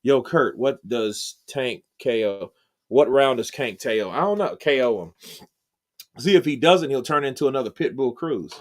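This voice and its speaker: A man's voice: medium pitch, moderate pace. A man hosting a live stream with casual, crude, jokey commentary. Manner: joking, crude, laughs often. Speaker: livestream host.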